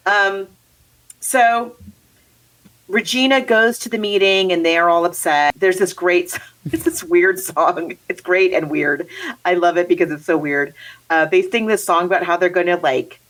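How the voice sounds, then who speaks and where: A woman in casual conversation, reviewing a movie with a co-host. Her voice sits slightly low, and she rambles with restarts and easy laughter. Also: a little slow, poor audio. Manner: chatty, rambling, laughs often. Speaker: podcast co-host.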